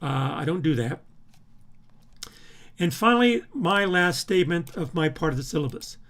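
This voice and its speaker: Emphatic, slightly high-voiced male professor. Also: animated, normal speed, a bit bright. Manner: emphatic, repeats words and restarts phrases. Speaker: university professor. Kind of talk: recorded syllabus walkthrough.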